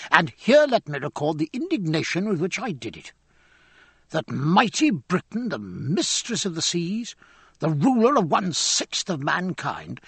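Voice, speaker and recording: Gravelly man reading with lively swings. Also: dry recording. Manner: expressive, theatrical reading with sweeping pitch. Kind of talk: audiobook reading of a travel memoir.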